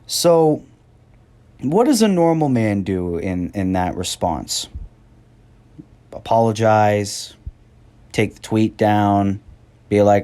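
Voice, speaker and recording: Young man, twenties, lower mellow voice, angry sarcastic vlog rant, swears a lot. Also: animated, slow pace, long pauses, clean tone. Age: 20s. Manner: angry, profane, sarcastic, mocks others in a whiny voice. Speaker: wrestling commentator. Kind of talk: heated rant.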